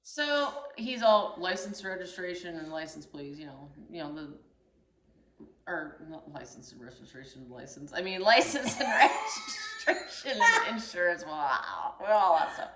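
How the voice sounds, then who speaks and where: A young woman telling a story in casual chat, animated and acting out the voices in it. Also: lowish voice, unhurried, background noise. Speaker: storyteller host. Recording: echoey room.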